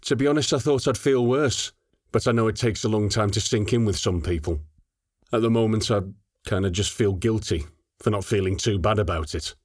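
A tired young soldier talks hesitantly, guarded and subdued, in a male narrator's own low voice. Dry, close sound. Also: a little fast, dry recording, close to an everyday voice. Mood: unsure.

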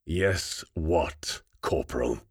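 A man's voice: drawn-out words, husky, full character voice. A man doing a growling, menacing old sergeant. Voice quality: low growl, soft and threatening. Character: gruff older male army sergeant, menacing.

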